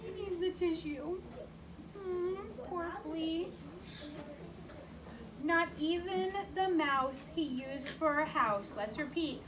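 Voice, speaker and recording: High-voiced woman reading a picture book. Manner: slow, sing-song, asks the child questions. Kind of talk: read-aloud storytelling. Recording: distant mic with clear background noise.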